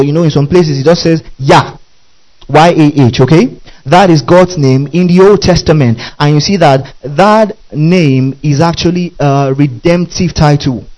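A man with a fairly high voice preaches a sermon. He is emphatic, keeps asking his congregation whether they are following, and drops in hallelujahs and amens between points. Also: darkish tone, low-quality recording. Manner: repeats questions to the congregation, emphatic; interjects hallelujah and amen. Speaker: pastor.

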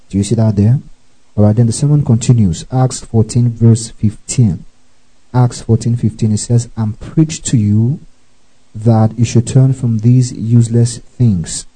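A man's voice: medium pitch, dark tone, rough recording. A man teaching a Bible passage verse by verse, often checking that his listeners follow and spelling out Greek words letter by letter.

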